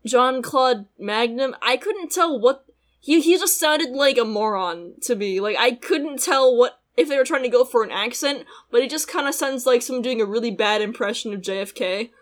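A young woman co-hosting a casual podcast chat, talking quickly with frequent laughs and a sarcastic edge. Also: fairly high pitch, lively intonation. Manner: chatty, laughs often, sarcastic. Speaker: podcast co-host. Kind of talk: casual chat reviewing an anime.

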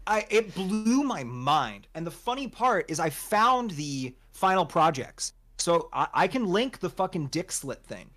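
A young man tells a long exasperated story to his co-hosts in a casual chat. His voice swings widely up and down and sits a little high, and he often acts out what other people said. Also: measured pace, hardly any pauses. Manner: animated, exasperated, swears a lot, acts out quotes. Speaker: podcast co-host telling a story.

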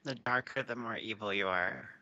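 A man's voice: fairly low pitch, normal speed, gravelly, bright, forceful tone, no echo, lo-fi sound. A man co-hosting a podcast in casual chat, chiming in with short joking remarks. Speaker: podcast co-host.

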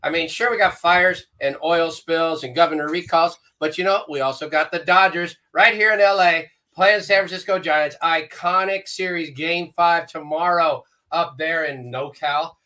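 Breezy male guest, somewhat high and bright voice, casual sports chat. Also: normal speed, hardly any pauses. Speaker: podcast guest.

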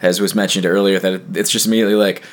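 A man's voice: low voice, flat delivery, very fast. A man hosting a casual podcast discussion about albums, thoughtful and steering the talk. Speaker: podcast host.

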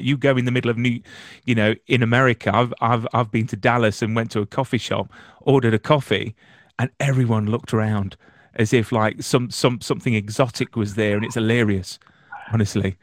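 A man with a Midlands accent hosting an interview, chatty and enthusiastic, jumping in with quick asides. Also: medium pitch, no echo, clean studio sound. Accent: Midlands English. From English Midlands. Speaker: interviewer, host. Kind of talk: casual interview chat.

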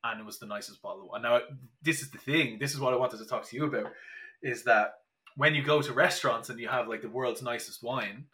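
A man's voice: mid-range voice, a little fast, sharp tone. A young Irish man chatting as a podcast guest, telling stories with many restarts and fillers. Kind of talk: casual podcast chat.

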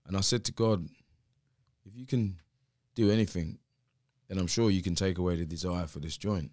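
A man who is a pastor, telling his conversion story in casual chat, relaxed and chuckling at his own past. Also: low-pitched, moderate pace, pauses often, no echo, studio quality.

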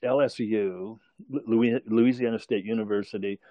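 A man's voice: fairly low pitch, steady tone, normal speed, warm tone, no echo, highs cut off. An older man telling a long story in casual conversation, rambling, chuckling and correcting himself as he goes.

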